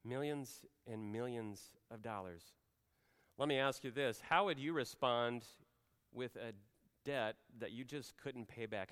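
A man preaching a sermon as pastor, conversational, often slowing and dropping to a quiet voice for emphasis. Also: mid-range voice, long reverb tail. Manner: conversational, drops soft and slow for emphasis.

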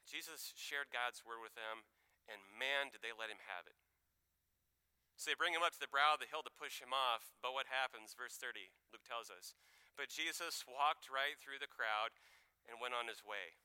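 A man preaching a sermon in an animated, conversational way, acting out voices as he tells the story. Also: medium pitch, moderate pace, clear, resonant tone, no room sound. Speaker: pastor.

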